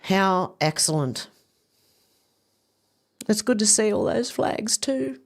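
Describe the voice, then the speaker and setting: A woman with a mid-range, gravelly voice speaks slowly but animatedly as a video commentator. She reads out social posts and gives casual, opinionated commentary, wandering into rambling asides.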